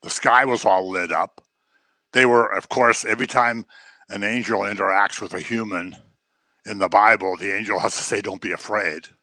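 A man preaching a sermon in an animated way, acting out the voices he quotes. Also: lowish voice, normal speed, no room sound.

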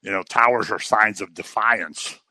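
A man preaching a sermon in a conversational, animated way, sometimes acting out the people he quotes. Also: on the low side, normal speed, no echo.

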